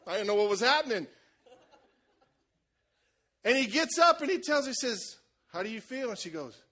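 A man preaching a sermon, telling a lively story and acting out the voices of the people in it, with shouts at the high points. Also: quick pace. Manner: animated, acts out voices, shouts at peaks. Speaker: pastor.

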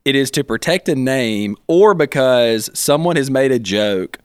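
A man's voice: mid-range voice, animated, unhurried, smooth, no room sound, studio quality. A man co-hosting a church podcast who talks in an earnest way and explains word meanings. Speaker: podcast co-host. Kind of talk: casual church podcast chat.

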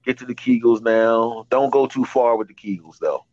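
A man's voice: medium pitch, steady tone, normal speed, darkish tone, no echo, highs cut off. Rambling man in his fifties. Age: 50s. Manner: rambling storyteller with many restarts. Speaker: podcast host. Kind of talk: casual podcast chat.

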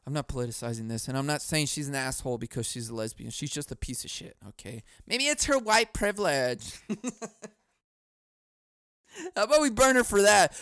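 A man hosting a comedy podcast, ranting in a profane, sarcastic, animated way. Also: high voice, normal speed, clean tone, dry recording, studio quality. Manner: profane, sarcastic, animated, laughs at own jokes. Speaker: podcast host. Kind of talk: comedic rant.

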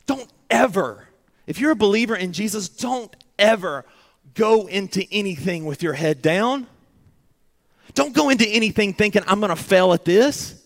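A man's voice: sits high, lively intonation, moderate pace. A man preaching a sermon, earnest and dramatic, acting out pleading prayers in short repeated phrases.

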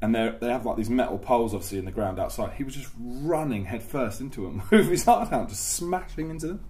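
Lively-toned Englishman in his thirties. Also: mid-range voice, fast talker, a little hiss or hum. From England. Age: 30s. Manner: swearing, animated storytelling with mimicked voices. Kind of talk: casual chat.

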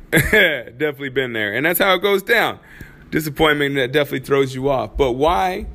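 A man's voice: mid-range voice, animated, moderate pace, sharp tone. A man hosting his own podcast from a studio, talking casually, using slang and laughing often. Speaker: podcast host.

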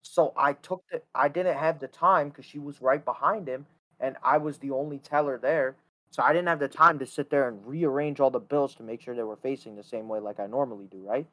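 A man's voice: medium pitch, brisk, fairly bright tone, rough recording. A young man co-hosting a podcast who chats casually, swears and keeps saying "bro" and "right?". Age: young adult. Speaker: podcast co-host. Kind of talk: casual chat.

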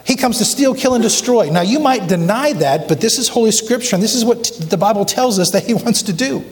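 A male pastor gives an emphatic sermon in a church sanctuary, firing rhetorical questions at the congregation in a brisk, high-pitched, expressive voice. The recording has a long church reverb.

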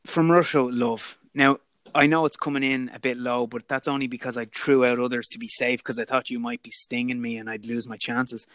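With a mid-range voice and a brisk delivery, a man co-hosting a podcast chats lively about movies in a casual way, using Irish turns of phrase. He's recorded on a remote call mic.

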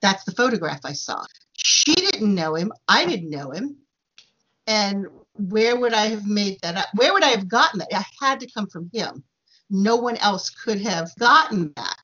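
A woman's voice: mid-range voice, slightly rough, muffled recording. Woman telling a psychic reading story. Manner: halting starts, many fillers, animated retelling. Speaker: psychic medium, guest. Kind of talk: conversational storytelling.

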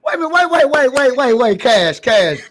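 A man co-hosting a podcast, loud and incredulous, swearing freely in slang. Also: very high voice, sing-song, fairly quick. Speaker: podcast co-host. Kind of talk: casual chat.

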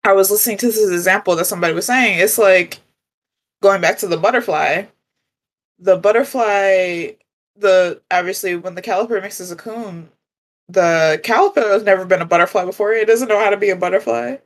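A woman co-hosting a relaxed spiritual conversation, with a gentle, reflective way of talking. Her voice sits in a middle range, and she laughs easily between thoughts. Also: medium pitch, brisk. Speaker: podcast co-host. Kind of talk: casual spiritual chat.

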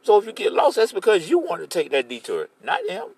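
Animated high-voiced man preaching. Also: fairly quick, gravelly, husky, dry recording. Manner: animated preaching, paraphrasing scripture in casual street talk. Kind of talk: sermon.

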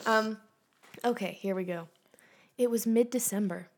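A woman's voice: on the high side, unhurried. A young woman co-hosting a podcast, reading a silly review aloud with dry asides and giggles. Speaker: podcast co-host.

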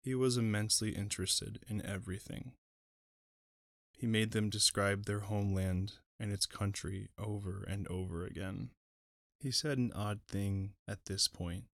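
A man narrating an audiobook in a calm, measured reading voice. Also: lowish voice, creaky, no room sound, clean studio sound. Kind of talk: scripted narration.

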